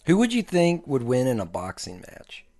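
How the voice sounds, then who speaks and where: A man's voice: medium pitch, wildly swooping pitch, moderate pace, dark tone. A young man co-hosting a casual podcast, throwing in wisecracks. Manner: wisecracking, laughs often. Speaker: podcast co-host.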